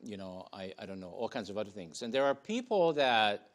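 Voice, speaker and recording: A man speaking on a studio panel in a casual discussion, animated and laughing between phrases. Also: lowish voice, fairly quick.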